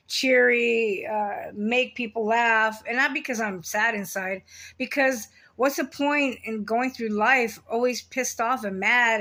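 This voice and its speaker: A woman's voice: on the high side, sharp tone. A middle-aged woman talking to camera in a casual confessional monologue, blunt and rambling, swearing heavily as she restarts her sentences. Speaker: vlogger.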